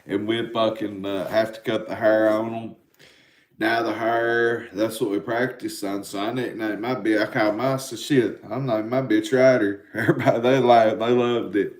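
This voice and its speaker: A man's voice: lowish voice, fairly even intonation, moderate pace, slight background noise. A man in his forties with an Appalachian accent, rambling and swearing in casual live-stream chat with his viewers. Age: 40s. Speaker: livestream host. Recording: roomy echo.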